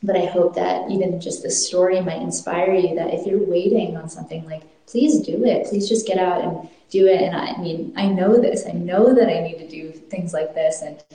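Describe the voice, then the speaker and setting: A woman's voice: fairly low pitch, moderate pace, vocal fry, warm tone. A woman telling a personal story in an earnest, reflective way, often restarting her sentences. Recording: very echoey room.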